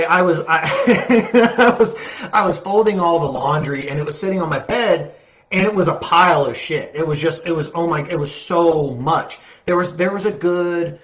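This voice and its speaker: A man near forty talks at home into a podcast mic, rambling and swearing freely as he rants. His voice sits at an ordinary pitch, and the recording is a little dull and muffled. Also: a bit bright. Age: late 30s. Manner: profane, rambling, ranting. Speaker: podcast host. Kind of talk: casual monologue. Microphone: studio podcast mic.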